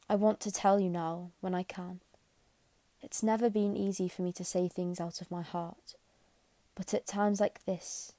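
A woman voicing a stern, reserved older woman who speaks haltingly and with restraint. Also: medium pitch, mellow, no echo, natural voice.

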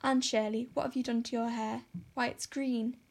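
A woman reading an audiobook gives voice to a stern, sharp-tongued middle-aged guardian. She scolds briskly in a fairly high, flat voice, with a dry edge of sarcasm. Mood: scolding. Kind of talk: audiobook character voice.

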